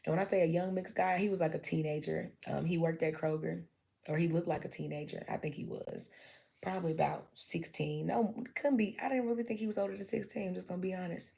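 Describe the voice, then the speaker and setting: A woman's voice: on the low side, fairly even intonation, fast, vocal fry, mellow. A young adult woman, chatting candidly on a livestream, swearing freely and acting out quotes. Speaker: livestream host. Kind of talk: casual storytelling chat.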